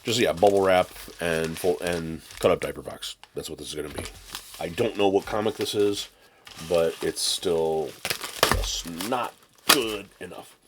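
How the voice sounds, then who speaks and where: A man's voice: low-pitched, moderate pace, noisy background. A man hosting a casual unboxing vlog at his desk, rambling and sarcastic, with mock rants. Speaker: channel host. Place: home desk with camera and laptop.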